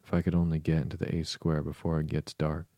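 A man's voice: very deep voice, monotone, quick pace, mellow, no echo. A man voicing a curious, chattering young girl in a storybook reading, musing aloud with puzzled questions.

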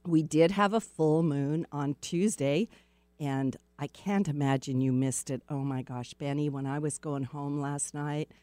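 A woman's voice: sits low, steady tone, unhurried, warm tone, no room sound. A woman hosting a listener-supported radio talk show, giving chatty, upbeat announcements in a spiritual tone and speaking directly to her audience.

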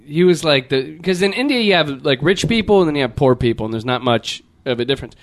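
Animated storytelling man, higher voice. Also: fast. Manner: animated, plays out quotes with big pitch jumps. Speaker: podcast regular. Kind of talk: casual storytelling.

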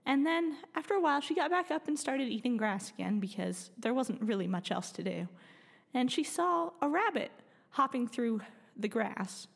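Playful woman co-host improvising a tale, raised pitch, reverberant room. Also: very animated, moderate pace, gravelly. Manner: playful, giggly. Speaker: co-host, storyteller. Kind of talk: improvised storytelling.

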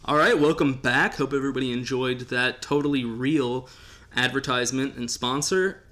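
A man's voice: mid-range voice, steady tone, normal speed, very noisy. A man hosting a podcast, chatting casually in a joking, rambling way with the odd swear. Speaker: podcast host.

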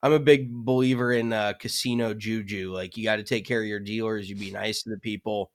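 A young man co-hosting a podcast in relaxed, chatty conversation. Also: on the low side, brisk. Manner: relaxed and chatty, frequent fillers. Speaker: podcast co-host. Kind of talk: casual chat.

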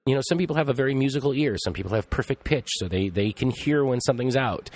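A man's voice: medium pitch, lively intonation, fast. A middle-aged man hosting a podcast, talking casually in a rambling monologue full of restarts and asides. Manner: rambling, thinking aloud with frequent restarts. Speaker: podcast host.

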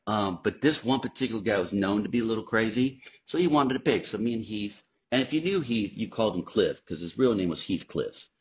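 A man guest on a podcast, telling candid, profane stories in a casual, animated way. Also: on the low side, fairly quick, few pauses, a little hiss or hum. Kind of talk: casual storytelling. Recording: dull lo-fi sound.

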